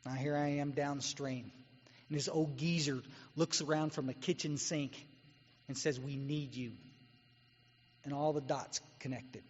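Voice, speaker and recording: Blunt husky man in echoey hall. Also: a little high, fairly even intonation, normal speed. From Texas. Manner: blunt, exhorting, storytelling. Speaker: guest speaker. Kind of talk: recovery meeting talk. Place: meeting hall. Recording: dull echoey hall recording.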